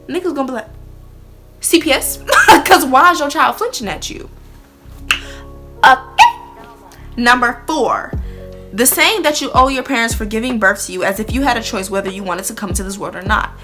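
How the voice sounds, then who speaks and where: Bright, blunt young woman vlogging. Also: a little high. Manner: blunt, expressive, talks straight to viewers. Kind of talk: candid casual chat to camera.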